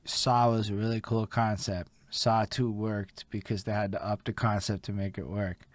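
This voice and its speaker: Excitable swearing young Canadian man. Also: on the low side, moderate pace, no room sound. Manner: excitable, swears a lot, heavy use of "like". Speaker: interview host. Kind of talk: casual chat.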